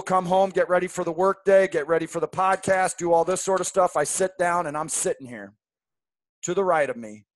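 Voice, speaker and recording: Animated forty-something man, dry sound. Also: sits high, no room sound. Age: 40s. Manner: animated, candid storytelling. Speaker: podcast host. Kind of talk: casual storytelling monologue.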